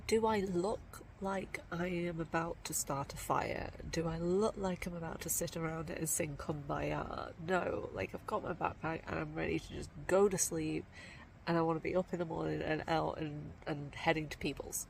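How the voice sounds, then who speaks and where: Tired woman vlogger outdoors by a trail, slow, gravelly, weary confessional tone. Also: low voice, a little hiss or hum, low-quality recording. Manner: weary, sighing, hushed at times. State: exhausted. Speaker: walking vlogger. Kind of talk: casual vlog confessional. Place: outdoors at a camp spot by a trail.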